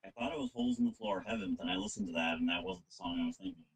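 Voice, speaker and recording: Gravelly, husky man, playful gamer joking with a friend. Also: sits low, huge pitch swings, very fast, rough recording. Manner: joking, goofy voices. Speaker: co-player. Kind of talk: casual gaming chat.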